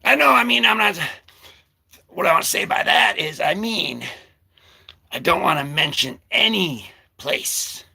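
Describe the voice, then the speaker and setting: A man hosting a casual comic-book vlog, rambling and joking with sudden shouted bursts. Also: high-pitched, lively intonation, a little slow, creaky, long pauses, husky.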